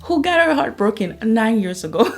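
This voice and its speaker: Young woman, chatty book vlogger, gushing, acts out quotes, soft music behind. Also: on the high side, very animated. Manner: gushing, chatty, retells plots with quick quoted asides. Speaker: book reviewer. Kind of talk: casual monthly reading wrap-up.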